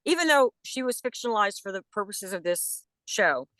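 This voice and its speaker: A woman voice actress chats as an interview guest in an animated, enthusiastic way, often restarting her sentences. Her voice sits at a middle pitch. The recording is dry, with no room echo. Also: moderate pace. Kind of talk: casual interview chat.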